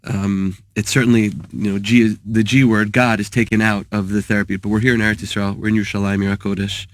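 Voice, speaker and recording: A man, a therapist and author, talking in a thoughtful, halting way and mixing in Hebrew terms. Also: fairly low pitch, little pitch movement, dry recording, clean studio sound. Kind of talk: casual talk with teaching.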